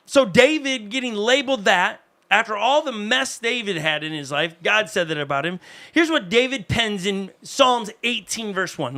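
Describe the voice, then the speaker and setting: A man delivers a sermon as pastor, his voice pitched high and bright with a forceful edge. He preaches in a conversational, animated way, turning to people in the room with quick asides.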